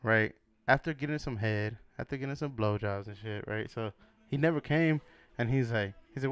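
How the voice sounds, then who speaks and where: Speaking at normal speed in a mid-range voice, a young co-host shares a crude story on a casual podcast, full of profanity, laughter and acted-out voices. The tone is clean, though the high frequencies are cut off.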